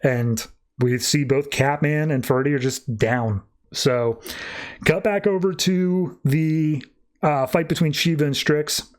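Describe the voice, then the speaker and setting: A man's voice: fairly high pitch, fairly even intonation, takes it slowly. A man hosting a podcast who casually retells a comic book plot in a loose, chatty way, with lots of filler words. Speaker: podcast host.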